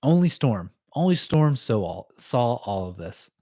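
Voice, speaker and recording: This man sits in the middle range, his voice mellow and sing-song, captured cleanly in a studio with no echo. As a podcast host on a relaxed livestream, he recaps cartoon episodes in a chatty way, laughing frequently and tossing in fillers and rapid asides.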